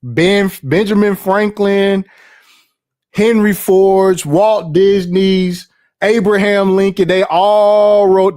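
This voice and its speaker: Speaking slowly, a middle-aged man with a high-sitting, darkish voice runs a livestream. He reads viewers' messages and tells rambling, foul-mouthed stories, with frequent laughter and repetition.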